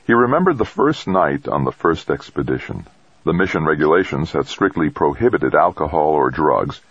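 A man reading a novel aloud in scripted, expressive narration. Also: a bass voice, creaky, breathy edge, no echo, highs cut off. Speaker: audiobook narrator.

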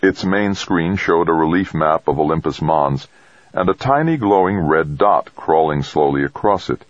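A man narrating an audiobook in a measured, even storytelling manner. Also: rumbling low, dry recording, highs cut off. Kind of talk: scripted narration.

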